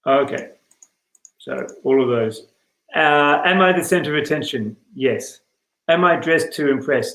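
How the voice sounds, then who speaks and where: A man's voice: on the high side, unhurried, long pauses, fairly bright tone, echoey room, rough recording. A man playing a tabletop role-playing game over a video call, often correcting himself and apologizing with a laugh. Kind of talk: casual role-play chat.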